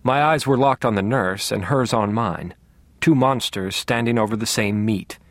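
A man's voice: on the low side, normal speed, no room sound. Man reading a novel, dry and wry. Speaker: audiobook narrator. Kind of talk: scripted first-person novel narration.

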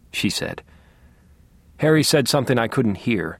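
Male audiobook narrator, mid pitch, dry close mic, measured wry first-person read. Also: gravelly, dry recording.

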